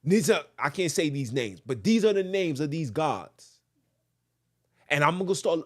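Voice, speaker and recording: A man hosting a podcast, ranting and joking, looping back over the same phrases. His fairly high voice jumps all over the place, as he mixes comment with reading a letter aloud. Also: measured pace. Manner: animated, ranting, repeats phrases, jokes. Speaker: podcast host.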